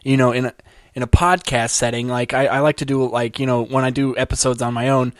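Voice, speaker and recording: A man hosts a casual podcast chat with a fellow comic, relaxed and chatty, laughing easily between thoughts. His voice sits at an average pitch, recorded close and dry with no room sound. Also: a little fast, no echo. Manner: laid-back, laughs often, chatty. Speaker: podcast host.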